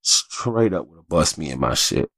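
A man's voice: a bass voice, very animated, normal speed, vocal fry, fairly bright tone, dry recording. A man hosting a casual solo podcast, talking candidly and with plenty of swearing as he rambles through stories. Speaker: podcast host.

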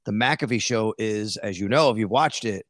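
A man's voice: on the low side, moderate pace, dry recording. A middle-aged man, a sports beat reporter, talking casually as a guest and telling stories animatedly, quoting himself. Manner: animated storyteller, quotes himself, many fillers. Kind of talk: casual interview talk.

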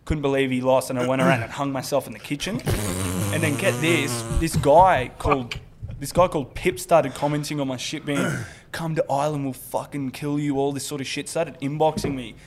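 A young Australian man, a guest comedian, telling dark stories on a podcast in a casual way, swearing freely and laughing as he goes. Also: medium pitch, fairly even intonation, fast. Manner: swears freely, laughs through his stories, quotes people in put-on voices.

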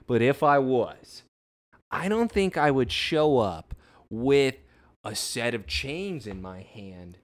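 A young man co-hosting a podcast, telling a TV episode in an animated, jokey way. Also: mid-range voice, slow pace. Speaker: podcast co-host. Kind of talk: casual recap chat.

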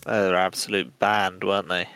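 A man's voice: sits low, flat delivery, normal speed, loud music behind the voice. Laughing man in podcast banter. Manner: playful, laughs a lot, goofy jokes. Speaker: podcast co-host. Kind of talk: casual banter.

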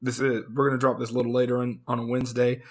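A man's voice: mid-range voice, level tone, racing, a little mellow. A man co-hosting a casual podcast, rambling and restarting often, his voice tired and fading. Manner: loose, rambling with many restarts. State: voice fading, hoarse. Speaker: podcast co-host.

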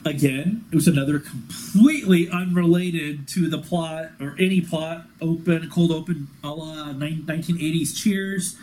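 A man co-hosting a casual fan podcast, excitable and quick, laughing at himself as he talks. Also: on the high side, slight background noise, poor audio. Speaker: podcast co-host.

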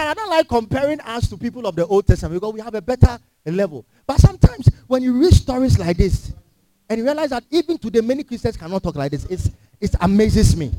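A man's voice: extremely high pitch, mellow, dry recording, poor audio. A man preaching a sermon in an impassioned, scolding and emphatic way.

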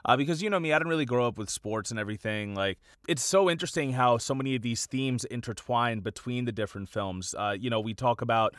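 A man's voice: medium pitch, fast, hardly any pauses, a bit bright, no echo, studio quality. A man co-hosting a casual podcast chat, rambling and filling gaps with "like" and "you know.". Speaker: podcast co-host.

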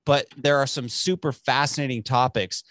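A young man in his twenties talks easily on a podcast, laid back and saying "dude" often. His voice sits at an ordinary middle pitch and comes over a close microphone. The sound is dry, with no room around it. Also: fairly even intonation, moderate pace, a bit bright, no room sound. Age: 20s. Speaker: podcast host. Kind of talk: casual podcast chat. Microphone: podcast mic.

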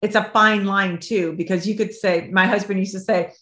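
A middle-aged woman speaks as an interview guest, a life coach sharing a personal story. She brings the dialogue to life, shifting into the voices of the people she describes. Her voice carries a noticeable room echo, at a mid-range pitch. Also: moderate pace. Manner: acts out both sides of remembered dialogue, lively and expressive. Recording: roomy echo.

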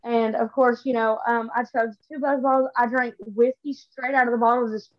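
A woman's voice: a little high, fairly even intonation, moderate pace, dry recording, highs cut off. A woman in a casual podcast chat, telling blunt, rambling stories full of fillers. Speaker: podcast co-host.

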